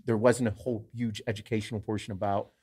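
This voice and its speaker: A man hosting a podcast, telling a story in casual, profane, animated chat. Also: fairly low pitch, fast, breathy edge. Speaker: podcast host.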